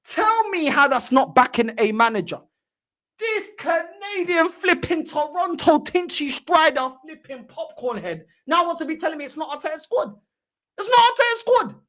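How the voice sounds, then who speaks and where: High, lively woman ranting. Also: normal speed. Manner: mocking, heated, repetitive. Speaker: fan channel host. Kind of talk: ranting reaction commentary.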